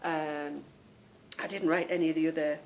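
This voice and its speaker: A woman's voice: low voice, flat delivery, moderate pace, a little hiss or hum. A woman hosting a podcast, talking casually in a chatty, self-amused way and explaining things with plenty of fillers. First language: English. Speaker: podcast host. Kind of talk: casual monologue.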